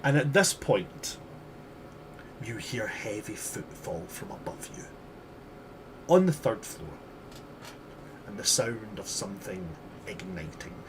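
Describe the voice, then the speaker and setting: A man narrating a tabletop game as game master in a relaxed, casual way. The recording is noisy. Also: fairly low pitch, takes it slowly, pauses often.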